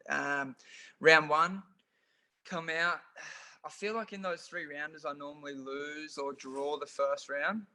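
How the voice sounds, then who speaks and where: A man's voice: on the high side, takes it slowly. A young Australian man, a Muay Thai fighter, telling stories in a casual podcast interview with lots of fillers. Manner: animated storytelling with frequent fillers.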